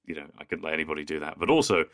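A man's voice: a bass voice, rapid-fire, fairly bright tone, dry recording, studio quality. A man co-hosting a podcast, chatting casually and reading listener emails aloud with jokey asides. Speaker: podcast co-host.

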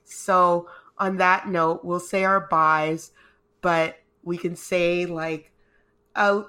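A woman's voice: fairly low pitch, steady tone, extremely slow, bright, forceful tone, clear, resonant tone. A woman co-hosting a podcast in casual chat, heartfelt and rambling, emotional and close to tears. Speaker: podcast co-host.

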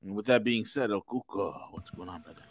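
A man's voice: lowish voice, a little fast, no echo. A man hosting a casual political talk show, talking in a boisterous, profane, rambling way. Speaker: podcast host.

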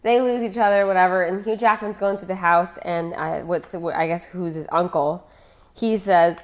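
A woman's voice: fairly low pitch, steady tone, normal speed. A woman co-hosting a podcast, chatting casually about a movie with dry, joking banter. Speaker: podcast co-host. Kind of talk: casual chat.

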